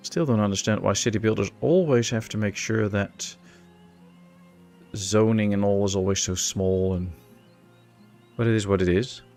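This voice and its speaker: A man's voice: fairly low pitch, normal speed, long pauses, darkish tone, faint music behind. A man with a Dutch accent giving laid-back live-stream gameplay commentary, chatting with his viewers and joking around. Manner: chatty, laid-back, answers chat with jokes. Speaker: gaming streamer.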